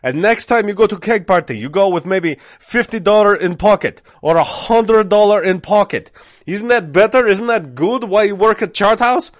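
Brief: earnest accented restaurant manager, put on by a man, persuasive, raised and forceful, dry sound. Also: sits high, expressive, no echo, voice pushed up. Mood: lecturing. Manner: lecturing, persuasive, halting grammar. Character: earnest male restaurant manager, heavy accent, broken English.

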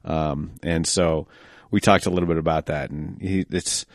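A deep-voiced man hosts a podcast in a relaxed, rambling way, with plenty of casual fillers. His voice is recorded dry and close. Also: normal speed, no room sound. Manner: laid-back, loose, many fillers. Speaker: podcast host. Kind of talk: casual interview chat.

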